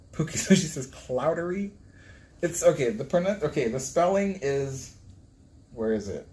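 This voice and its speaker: A man's voice: on the high side, a little mellow. A man hosting a casual live stream, flustered as he stumbles over hard pronunciations and laughs at himself. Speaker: livestream host reading a book.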